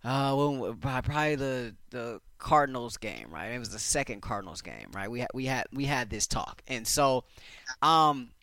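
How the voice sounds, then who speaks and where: Bright-voiced sports show host. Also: male voice, medium pitch, expressive, normal speed, no room sound, studio quality. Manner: stammering restarts, conversational. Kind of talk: sports talk show hosting.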